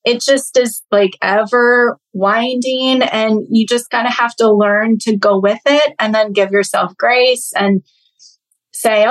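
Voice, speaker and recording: A woman's voice: fairly high pitch, fairly even intonation, slow, poor audio. A woman in her thirties, a health coach speaking as a podcast guest in an earnest, reflective way. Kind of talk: casual interview chat.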